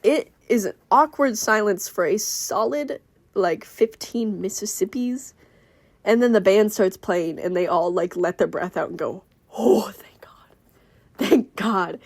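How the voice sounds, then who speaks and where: A woman's voice: mid-range voice, a little slow, vocal fry, no echo. Young woman yapping about her characters, sweary and rambling, dry close sound.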